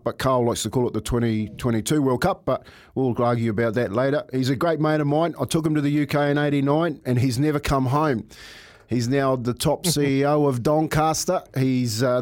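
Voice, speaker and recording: A man's voice: medium pitch, darkish tone, no echo. A man co-hosting sports radio, teasing and joking with a mate. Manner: teasing, jokey, matey. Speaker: radio co-host, former player. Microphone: studio mic.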